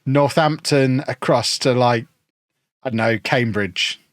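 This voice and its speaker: A man's voice: medium pitch, slow pace, no echo, studio quality. A man from England, chatting casually and joking with his chat while streaming a football management game. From Peterborough, England.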